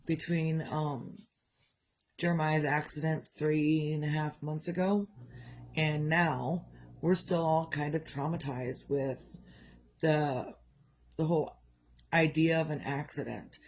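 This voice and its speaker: A woman's voice: sits low, steady tone, slow, pauses often, darkish tone, a little hiss or hum. A woman talking frankly to camera in a rambling personal monologue, swearing freely and coughing now and then. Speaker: vlogger.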